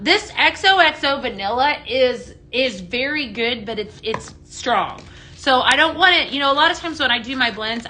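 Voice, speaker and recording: A bubbly woman hosting a live stream, chatting casually and answering viewer comments, a touch out of breath. Her voice sits fairly high and sounds bright and crisp. A faint hum of room noise runs underneath. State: a bit out of breath. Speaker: home fragrance seller hosting a live stream.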